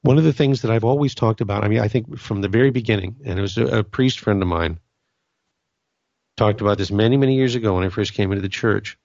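A middle-aged man from Southern California talks about faith in an earnest, conversational way, often doubling back and restarting his sentences. His voice has a gravelly edge. The recording is dry and a little dull. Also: fairly low pitch, quick pace, a little mellow, no echo. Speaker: Catholic podcast host. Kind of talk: casual spiritual talk.

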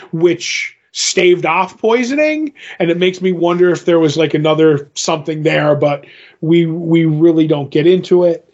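A man recaps a story in loose, casual chat, stringing thoughts together with ums and "he's like". His voice sits a bit high for a man. The recording sounds dull and lo-fi. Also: darkish tone. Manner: rambling, full of ums and "he's like".

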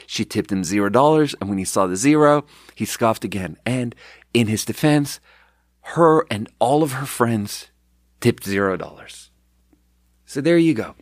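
A man's voice: medium pitch, dry recording, studio quality. A man on a podcast telling a long workplace story in casual chat, rambling and swearing, with many restarts and acted-out quotes. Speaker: podcast host, restaurant manager.

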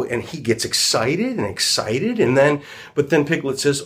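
A man's voice: medium pitch, big pitch swings, moderate pace, breathy edge. A man retelling a children's story and drawing a lesson from it, in a reflective, rambling way.

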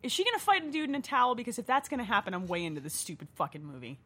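Husky woman mocking a bad movie, lots of swearing, bright voice jumping all over. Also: a little high, wildly swooping pitch, rapid-fire. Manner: sarcastic, swearing, laughing often. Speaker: movie commentator. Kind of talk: casual movie riffing.

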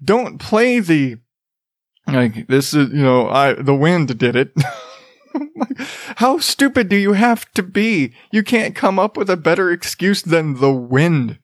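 In studio-quality audio with no room sound, a man from Arizona with a fairly high, sing-song voice speaks at a slow pace. Hosting a podcast of casual comedic commentary, he rants in a profane, mocking way, laughing often and rambling through his thoughts.

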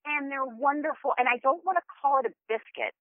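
A woman on a travel show, telling stories in an enthusiastic, chatty way with lots of quick restarts. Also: high voice, no room sound. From United States. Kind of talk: casual phone interview. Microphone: telephone. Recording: tinny phone line.

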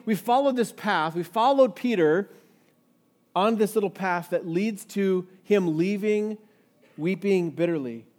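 High-voiced man preaching a sermon. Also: darkish tone. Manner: reads scripture aloud, acts out quotes with rising intensity. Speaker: pastor. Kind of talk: expository sermon.

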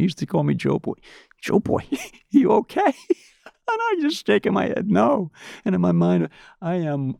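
An older man with a gravelly, fry-laced voice spins anecdotes on a podcast, slipping into the voices of the people he quotes. The sound is dry and close, with no room around it. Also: on the high side, no echo. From United States. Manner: lively storyteller who acts out quoted voices and repeats words. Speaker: podcast guest. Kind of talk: anecdotal storytelling.

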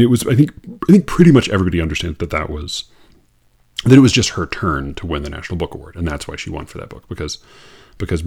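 A man's voice: low voice, a little mellow, breathy edge. A man reading out a poetry review and mocking it in an incredulous, exasperated monologue, with laughing asides. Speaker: poetry critic.

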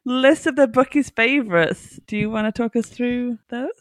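A woman's voice: on the high side, normal speed, no echo, studio quality. Giggly Northern English woman hosting. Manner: playful, giggly, teasing introductions. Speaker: podcast host. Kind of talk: casual podcast chat.

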